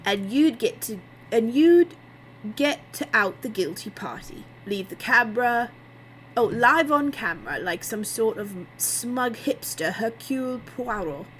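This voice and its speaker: A woman's voice: fairly high pitch, lively intonation, unhurried, a bit bright, a little hiss or hum, voice pushed up, rough recording. Sardonic grumbly guy muttering under his breath, woman reading.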